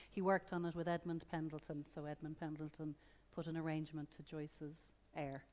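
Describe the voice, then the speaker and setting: A woman musician chatting on stage at a library event, wry and quick with asides. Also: sits low, flat delivery, a little mellow. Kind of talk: casual stage chat. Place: public library event room.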